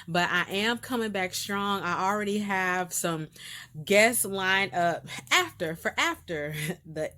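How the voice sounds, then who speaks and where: A woman's voice: medium pitch, expressive, takes it slowly, bright, forceful tone. A woman hosting her faith-based video series, giving a casual update straight to the camera. She talks in a bubbly, emphatic way, laughs often, repeats words for emphasis, and gets emotional enough that she is near tears.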